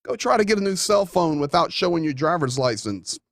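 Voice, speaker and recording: A man's voice: fairly high pitch, sing-song, a little fast, a bit bright, no room sound, clean studio sound. A man hosting a talk show, delivering a folksy, emphatic monologue with playful asides. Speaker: show host.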